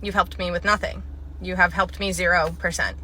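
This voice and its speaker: A woman's voice: fairly low pitch, steady tone, moderate pace, pushed and bright, slight background noise. A woman playing an entitled, pushy female customer who insists on her demands and repeats herself. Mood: demanding.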